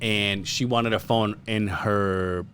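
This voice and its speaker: A man's voice: lowish voice, fairly even intonation, takes it slowly, fairly bright tone, a little hiss or hum. A man co-hosting a podcast, telling a story in a loose, profane, laughing way. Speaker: podcast co-host. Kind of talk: casual storytelling chat.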